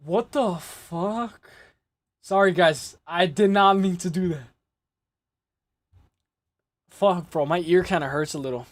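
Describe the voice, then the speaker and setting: Rambling high-voiced man, voice gone hoarse. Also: fairly even intonation, measured pace, long pauses, no room sound. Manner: rambling, repeats himself, curses freely. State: lost his voice. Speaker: livestream host. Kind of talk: casual livestream fight picks and chat.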